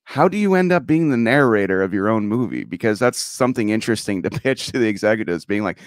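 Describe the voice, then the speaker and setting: A man's voice: on the low side, animated, fast talker, no room sound, clean studio sound. A young man hosting an interview, talking in a loose rambling way with many restarts. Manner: rambling, self-interrupting, laughs often. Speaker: podcast host. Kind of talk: casual interview.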